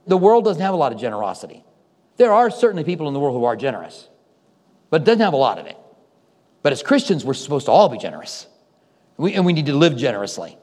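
High-voiced pastor preaching in a reverberant hall. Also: male voice, sing-song, fast, long pauses, a little mellow. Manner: conversational storytelling with acted-out quotes. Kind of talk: sermon.

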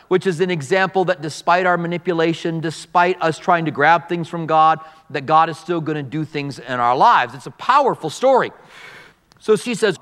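A man pastor preaching a verse-by-verse sermon, telling the story with animated delivery and acting out the dialogue. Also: sits high, big-room sound.

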